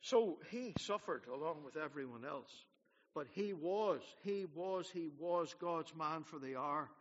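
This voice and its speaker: An older man preaches to his congregation, pressing his points hard and then dropping to a near hush. His voice sits high for a man. The sound is dull and rings out with a long reverb through the church hall. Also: lively intonation, unhurried. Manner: earnest, exhorting, swings from loud to hushed. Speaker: pastor. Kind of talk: sermon.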